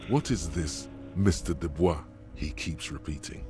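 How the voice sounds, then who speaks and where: An actor voicing a grave, taunting inner-voice narrator in a video game. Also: male voice, extremely low pitch, unhurried. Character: ominous male inner-voice narrator. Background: faint game music.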